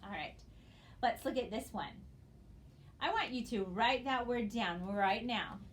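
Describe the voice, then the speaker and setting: A woman's voice: on the high side, expressive, a little hiss or hum. Patient woman teaching phonics. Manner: slow, patient, spells out letters one by one. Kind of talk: recorded phonics lesson for students.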